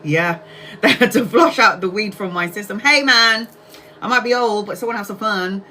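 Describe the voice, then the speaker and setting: A woman's voice: medium pitch, normal speed, pushed and bright, slight background noise. Chatty, laughing woman telling a livestream story. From Brazil. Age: 40s. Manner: chatty, laughs often, swears freely, acts out quotes. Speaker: tarot reader livestream host.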